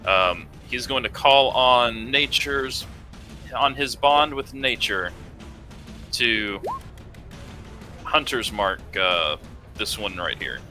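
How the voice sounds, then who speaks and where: A man's voice: medium pitch, expressive, takes it slowly, pauses often, pushed and bright, soft background music. A man playing a tabletop role-playing game, talking hesitantly with many fillers. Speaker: player.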